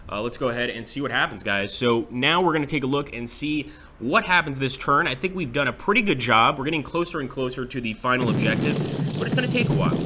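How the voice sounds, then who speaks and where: A man casually commenting on his own strategy game as he plays, thinking aloud with frequent fillers. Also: medium pitch. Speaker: strategy game let's-play host. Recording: clear background noise and clicks.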